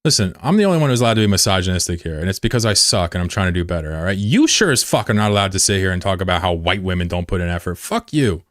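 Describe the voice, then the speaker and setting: A man streaming live, chatting bluntly and profanely with viewers, swinging between loud outbursts and low mutters. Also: expressive, very fast, hardly any pauses, no room sound, studio quality. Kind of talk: casual live-stream chat.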